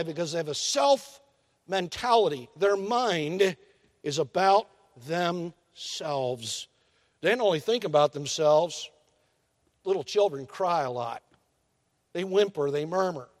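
Older male pastor, high-pitched, folksy sermon delivery, long church reverb. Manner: folksy preaching with drawn-out emphasis and acted-out asides.

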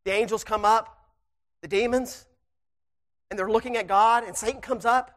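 A preacher telling a personal story to the church in a folksy, animated way and then preaching fervently. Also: mid-range voice, normal speed.

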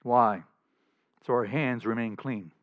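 A man's voice: mid-range voice, takes it slowly, no room sound, lightly acted. A man voicing scheming religious accusers who coax a governor in a sly, wheedling, insistent way. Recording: slightly dull lo-fi recording.

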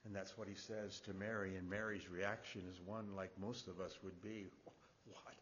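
A man preaching a sermon as pastor, repeating key phrases for emphasis and building from quiet reflection to emphatic preaching. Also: low voice, flat delivery, normal speed, in a large hall, lo-fi sound, slight background noise.

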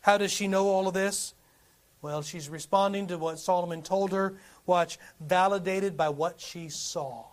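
A man with a high voice delivers a sermon to his congregation. He reads scripture aloud and keeps firing rhetorical questions at his listeners in an animated way. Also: unhurried. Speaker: preacher.

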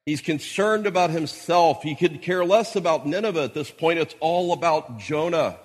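A man's voice: on the high side, normal speed. A man preaching an expository sermon, quoting scripture as he explains the text. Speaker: pastor. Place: church hall. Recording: church hall recording with long reverb.

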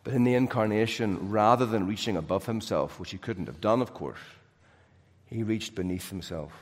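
In a large hall with long reverb, a preacher with a lowish voice delivers a sermon at normal speed. His delivery is dynamic, swinging from loud emphasis down to soft, hushed drops.

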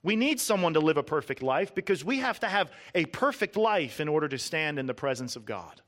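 Earnest male preacher, slightly high voice. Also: sing-song. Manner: earnest preaching with emphatic lists and slowed stresses; drops to a soft low voice at key points. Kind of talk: sermon.

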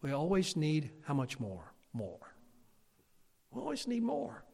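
A middle-aged pastor preaching a sermon, folksy and conversational, swelling into emphatic outbursts. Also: male voice, fairly high pitch, wildly swooping pitch, unhurried, gravelly, darkish tone, big-room sound.

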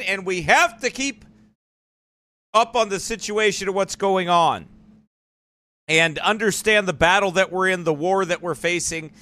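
A man's voice: high voice, bright, forceful tone. A man hosting a live church online broadcast, talking in a rambling, digressive way in casual commentary. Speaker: church livestream host.

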